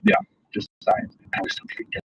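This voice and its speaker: A man telling stories in casual conversation, animated, acting out the people he quotes. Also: a little fast. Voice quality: husky. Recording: dull lo-fi sound.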